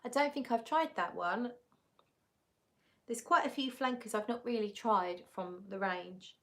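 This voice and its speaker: This woman's pitch is fairly high and her delivery a little slow. She runs a live stream, reading out viewer comments in easygoing chat, giggly and frequently correcting herself.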